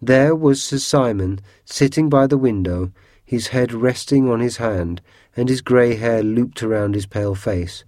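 A man narrating a storybook aloud in a calm, measured way. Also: mid-range voice, no echo, studio quality. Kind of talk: storybook reading.

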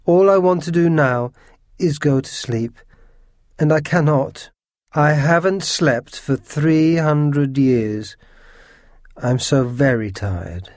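A man's voice: measured pace, mellow, no echo, studio quality. A man voicing Sir Simon, a sad old ghost. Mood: pleading. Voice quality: low and quivery. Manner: grumbling, self-pitying. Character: sad lonely old male ghost, sulky.

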